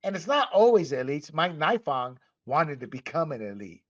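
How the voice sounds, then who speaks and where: A man from Panama, the host of a podcast, delivers opinionated commentary in a fairly high, insistent voice. He is emphatic and impassioned, swinging between loud and soft. The recording sounds dull and dry. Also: sing-song, normal speed, no room sound.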